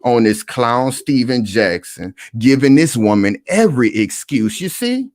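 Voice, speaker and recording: Animated man hosting reaction commentary. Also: medium pitch, a little slow, no room sound, studio quality. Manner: animated, repetitive, addresses the audience directly. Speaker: online commentary host.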